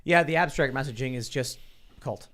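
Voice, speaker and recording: A man's voice: mid-range voice, moderate pace, fairly bright tone. Sarcastic man hosting a talk show. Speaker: podcast host. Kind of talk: casual political talk show.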